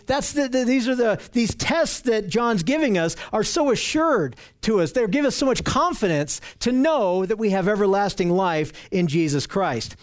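A man preaching an expository Bible sermon, earnest and explaining verses, often asking "right?" to his listeners. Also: high-pitched. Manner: earnest, asks rhetorical questions, repeats "right?". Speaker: pastor.

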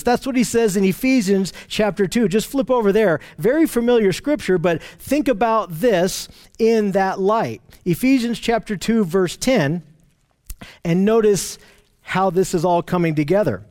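A man with a notably high voice leads a relaxed Bible study. He talks it through in a conversational way, often repeating himself and stopping to restart a phrase. He keeps telling his listeners what to notice and puts questions to the group. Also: moderate pace.

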